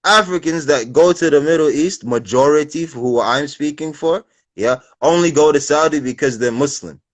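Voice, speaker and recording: Guy with a bit of an american lilt chatting on a phone livestream, kinda high voice, dry close sound, animated and slangy. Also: normal speed, dry recording. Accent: English with a slight American lilt. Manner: animated, explaining, street slang. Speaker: livestream host. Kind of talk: casual chat on a livestream.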